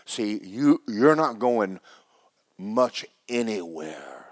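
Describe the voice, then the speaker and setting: A low-voiced preacher delivers his sermon with loud, emphatic force, then sinks into a hushed, almost whispered intensity. The man's voice is captured dry and close, with no room sound around it. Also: very animated, extremely slow, gravelly, no echo.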